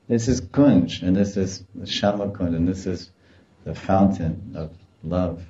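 Man giving an animated devotional talk. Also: low-pitched, takes it slowly, echoey room, muffled recording. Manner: animated storytelling, acts out quoted voices with laughter. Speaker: spiritual teacher. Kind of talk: devotional lecture.

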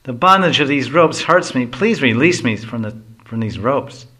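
A man's voice: mid-range voice, expressive, moderate pace, sharp tone, husky. A man voicing a boastful, hungry young male Brahmin jester who whines and pleads indignantly.

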